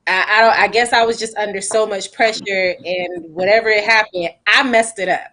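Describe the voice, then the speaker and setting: A woman on a faith panel sharing a personal story of grief, emotional and animated, laughing at times. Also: medium pitch, moderate pace.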